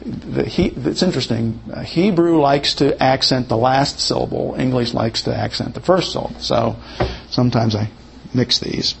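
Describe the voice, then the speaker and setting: A man's voice: mid-range voice, normal speed, gravelly, a little hiss or hum. A man teaching verse by verse through a Bible passage. He reads verses aloud, then muses on them, often hedging and weighing both sides.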